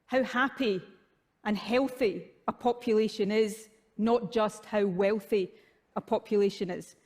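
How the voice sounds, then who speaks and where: Scottish English man, formal measured speech, high voice, heard from a distance. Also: fairly even intonation.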